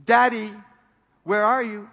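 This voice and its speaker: A man's voice: flat delivery, takes it slowly, gravelly, a bit bright, long reverb tail, exaggerated voice. A man voicing his five-year-old daughter, an anxious little girl calling out with a quiver. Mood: pleading. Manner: high pleading calls with a quiver.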